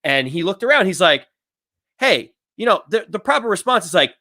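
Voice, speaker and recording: A man's voice: high voice, very animated, fast talker, sharp tone, no echo, studio quality. A man co-hosting a sports podcast in casual chat, telling a story step by step and acting out quotes. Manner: explanatory storytelling, acts out quotes. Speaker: podcast co-host.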